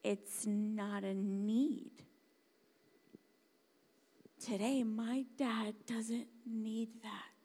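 A woman preaching a sermon, dramatic and emphatic, dropping to hushed whispers and then rising to loud exclamations. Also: a little high, fairly even intonation, very slow, long pauses. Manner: emphatic, repeats words for stress.

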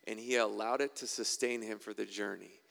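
A man's voice: fairly low pitch, fairly even intonation, a little fast, vocal fry, fairly bright tone, in a large hall. A man preaching a sermon and reading scripture aloud, conversational with wry asides.

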